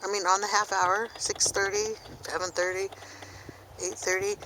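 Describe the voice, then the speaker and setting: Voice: mid-range voice, level tone, normal speed, pushed and bright, a little hiss or hum, poor audio. A speaker in their fifties, talking outdoors into a handheld camera in an earnest, preachy, rambling monologue. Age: 50s. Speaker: activist vlogger. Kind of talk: impassioned rambling monologue while filming. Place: outdoors by a river.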